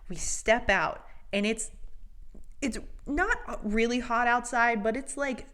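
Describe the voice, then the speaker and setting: A woman in her twenties co-hosting a podcast, telling con stories in casual chat with quick asides. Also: a little high. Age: 20s. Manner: animated storytelling, quick asides. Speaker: podcast co-host.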